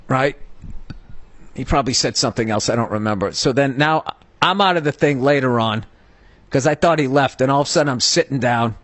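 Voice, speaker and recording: A man's voice: medium pitch, a bit bright, no room sound. Heated profane middle-aged man ranting. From United States. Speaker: podcast host. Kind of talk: comedic storytelling rant.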